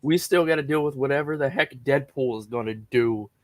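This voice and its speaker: A man's voice: mid-range voice, a little fast, no room sound. A man joining a casual movie podcast as a guest, slangy and emphatic in his opinions. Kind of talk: casual movie chat over a video call.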